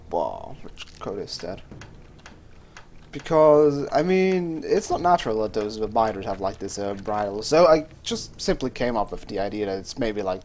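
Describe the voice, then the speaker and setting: A man's voice: fairly low pitch, darkish tone. A young man chatting casually over his gameplay as a let's play host, rambling, swearing freely and often trailing off mid-sentence. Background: faint game music.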